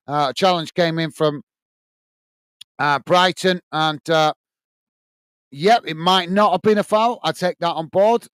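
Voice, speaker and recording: High-voiced indignant man ranting at referee. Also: clean tone, no echo. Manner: indignant ranting about the referee with chatty asides. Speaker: football watch-along host. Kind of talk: live match watch-along commentary, reading chat.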